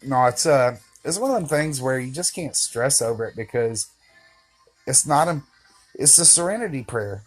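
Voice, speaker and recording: A man's voice: medium pitch, expressive, normal speed, breathy edge, faint music behind. Rambling man talking to camera. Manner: meandering, many fillers and restarts, joking asides; candid and reflective. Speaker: vlogger. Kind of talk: casual rambling monologue to camera.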